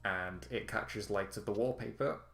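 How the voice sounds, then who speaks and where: A man with a fairly low voice runs a tabletop game as game master, rambling along with plenty of ums and restarts. His voice rings in an echoey room. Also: moderate pace, gravelly, fairly bright tone.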